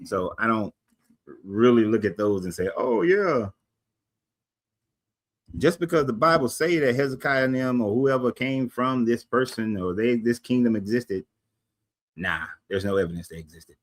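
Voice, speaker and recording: A man's voice: medium pitch, normal speed, no room sound. A man hosting a casual livestream, talking bluntly in a rambling way and often correcting himself. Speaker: livestream host.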